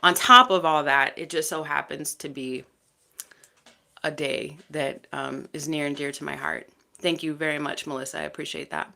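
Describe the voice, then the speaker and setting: A woman's voice: deep voice, steady tone, moderate pace, gravelly. A woman from Texas hosting a tarot livestream, chatting casually and thanking viewers by name as they join. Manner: chatty, warm thanks to each viewer by name, frequent fillers.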